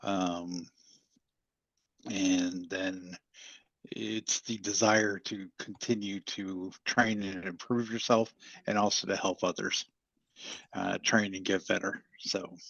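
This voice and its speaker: A man's voice: deep voice, steady tone, slow pace, creaky, long pauses, a bit bright, dry recording. A man who coaches taekwondo, answering interview questions in an easygoing, rambling way with lots of fillers, heard over a video call. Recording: dull lo-fi call audio.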